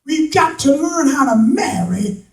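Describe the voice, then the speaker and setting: Male preacher, high and swooping voice, unhurried, impassioned shouts, echoey church hall heard from afar. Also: sing-song, recorded from a distance. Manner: impassioned, rising to shouts, folksy Southern turns of phrase. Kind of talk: preaching a sermon with congregation responses. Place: church sanctuary.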